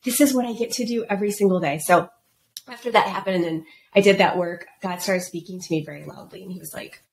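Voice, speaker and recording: A woman's voice: on the low side, fast talker, vocal fry. A middle-aged woman, a business coach, telling her story in a casual podcast interview and acting out the voices of the people she quotes. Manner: animated, acts out quoted voices.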